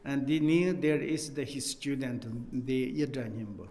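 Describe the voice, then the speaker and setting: Slow-spoken man teaching in an echoing hall. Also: mid-range voice, a little mellow. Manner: halting non-native English, many restarts; jokes and laughs with listeners. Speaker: Buddhist teacher. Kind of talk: teaching on a text, telling a story.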